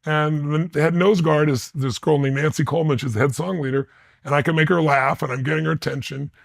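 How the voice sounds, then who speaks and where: A man's voice: fairly high pitch, steady tone, brisk, creaky, dry recording. A man being interviewed, telling personal stories with intensity and blunt emphasis. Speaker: interview guest. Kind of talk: animated personal storytelling.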